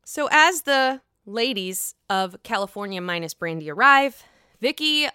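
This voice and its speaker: A young woman chats through a reality-show recap with sass and plenty of swearing, acting out the cast's lines. Her voice is bright and smooth, with lively swings in pitch. The sound is dry and close. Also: measured pace, no room sound. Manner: gossipy, sassy, swears freely, acts out quotes. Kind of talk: casual chat.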